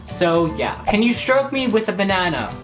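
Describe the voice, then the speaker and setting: A woman answering fan questions in a casual vlog, rambling, jokey and excitable. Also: medium pitch, normal speed, soft background music.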